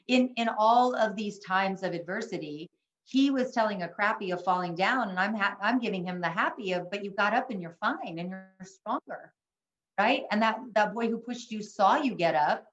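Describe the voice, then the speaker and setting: A woman's voice: medium pitch, roomy sound, highs cut off. An older woman co-presenting an online workshop, telling a family story earnestly, with many ums and restarts. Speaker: webinar co-presenter. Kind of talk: casual storytelling to an online audience. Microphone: video call.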